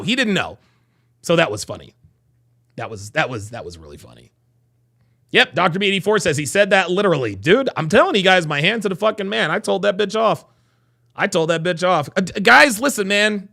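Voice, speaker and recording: A man hosting a casual livestream, reading chat and telling profane, animated stories. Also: sits high, fairly quick, gravelly.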